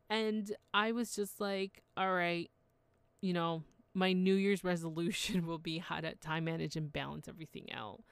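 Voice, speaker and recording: Low, gravelly-voiced woman podcast host. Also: no room sound. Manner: chatty, heartfelt, reflective. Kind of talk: solo podcast monologue.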